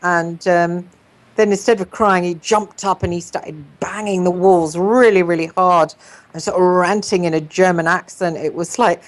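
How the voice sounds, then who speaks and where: Chatty woman therapist, lowish voice. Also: steady tone, moderate pace. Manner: storytelling, many ums and restarts. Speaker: psychotherapist and show host. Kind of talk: casual group chat.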